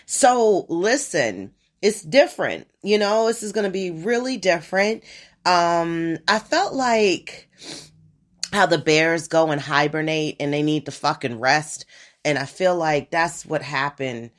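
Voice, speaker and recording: A woman in her forties hosting a podcast alone, rambling in a profane, animated casual monologue. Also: low-pitched, unhurried. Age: 40s. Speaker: podcast host.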